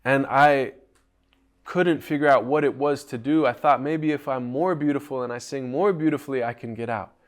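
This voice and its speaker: A man voicing a caged talking parrot longing for freedom, in a quiet, confessional tone that softens at the ends of phrases. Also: mid-range voice, normal speed, smooth, close to an everyday voice. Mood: wistful.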